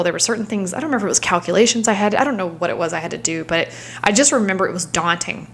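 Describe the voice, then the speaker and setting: A woman in her thirties shares a personal story in a reflective, candid vlog. She talks in a searching, thinking-out-loud way, at a middle pitch for a woman, and now and then falls into a hushed whisper. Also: fast talker. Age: 30s. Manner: candid, searching, trails off into soft whispers when reliving moments. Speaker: vlogger.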